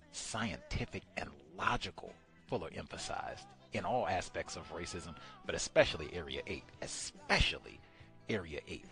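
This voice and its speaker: Emphatic low-voiced male host. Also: fairly bright tone. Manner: emphatic, rhetorical questioning. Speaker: radio show host. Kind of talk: study session talk.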